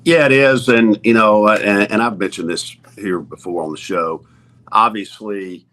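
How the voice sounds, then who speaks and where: A man's voice: on the low side, moderate pace, fairly bright tone. A man who is a college athletic director, talking earnestly as a guest on a sports talk show, stopping and restarting often with lots of fillers.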